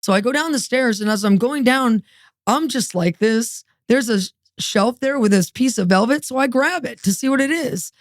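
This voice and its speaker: A woman as a guest, telling her testimony in a lively, streetwise way and acting out the dialogue. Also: a little high, normal speed, dry recording, studio quality. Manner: animated, acts out dialogue, streetwise. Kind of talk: testimony storytelling.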